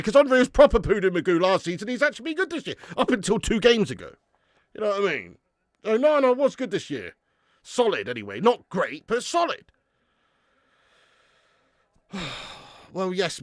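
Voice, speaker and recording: Sweary excitable football fan host. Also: male voice, high voice, no echo, clean studio sound. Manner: sweary, excitable, reads out viewer comments. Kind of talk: live football watch-along commentary.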